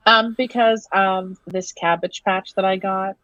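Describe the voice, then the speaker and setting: A woman's voice: mid-range voice, fairly even intonation, unhurried, fairly bright tone. A woman who is a guest on an online panel, chatting in a hesitant, filler-heavy way over dull lo-fi video call audio. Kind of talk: casual chat.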